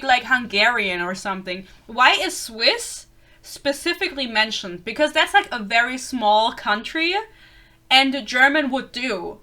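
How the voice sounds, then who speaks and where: Young woman reviewer, bright and slightly high-pitched, sarcastic and blunt, swears and laughs a lot, casual rant style. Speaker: book reviewer.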